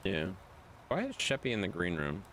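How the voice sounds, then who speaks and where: A man streaming a game live, joking and swearing with his friends in lively banter. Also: low voice, normal speed, slight background noise. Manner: excitable, profane, joking.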